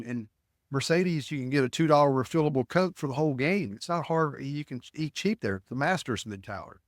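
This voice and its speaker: A man's voice: medium pitch, no room sound, clean studio sound. A middle-aged man from Alabama, a podcast guest telling anecdotes with lots of restarts and acted-out dialogue. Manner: animated storyteller, acts out dialogue, frequent restarts. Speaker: guest, ticket broker. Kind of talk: storytelling in a podcast interview.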